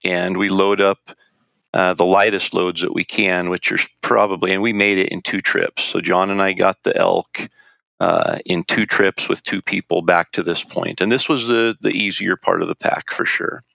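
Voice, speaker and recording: A man's voice: low-pitched, flat delivery, normal speed, gravelly, pushed and bright, dry recording. A man telling a long hunting-trip story in a casual, rambling way, with restarts and quoted dialogue. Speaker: guest recounting a hunting trip.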